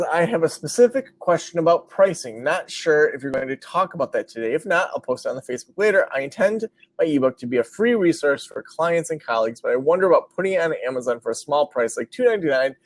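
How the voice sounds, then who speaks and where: Man, webinar host, casual teaching, filler words, higher pitch, dry sound. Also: animated, fast talker, no echo. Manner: casual, chatty, many fillers, reads out viewer questions. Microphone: computer mic over a web stream.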